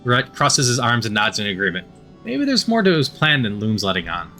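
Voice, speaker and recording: A man reading a game playthrough aloud, quick with small stumbles and joking asides. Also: medium pitch, big pitch swings, sharp tone, faint music behind. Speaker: game narrator.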